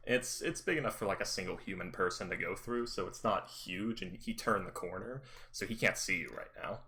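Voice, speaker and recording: A man's voice: sits low, fairly quick, sharp tone. A man narrating a tabletop game as game master, rambling and correcting himself with many fillers.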